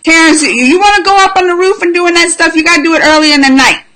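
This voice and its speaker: A woman's voice: very high voice, quick pace, a crowd in the background, poor audio. A woman hosting a casual chat about a TV show, playful and teasing, often laughing. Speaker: host.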